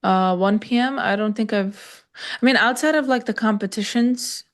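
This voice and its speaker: A woman's voice: mid-range voice, normal speed. Woman live-stream co-host, mid-range voice, casual and filler-heavy with the chat. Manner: loose, filler-heavy, talks to chat viewers.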